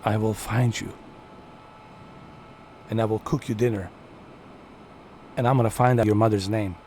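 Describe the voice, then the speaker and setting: A man putting on a quiet, menacing, middle-aged action-movie hero who speaks in measured, deadpan threats. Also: lowish voice, a little hiss or hum, voice pushed down, natural voice. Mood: deadpan menace.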